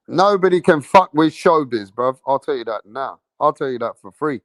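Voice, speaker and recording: A man with a London accent hosts a boxing channel livestream, brash and slangy, swearing and repeating himself as he throws questions to his chat and waits for replies. His medium-pitched voice is expressive, at normal speed with few pauses. The recording is studio quality with no room sound.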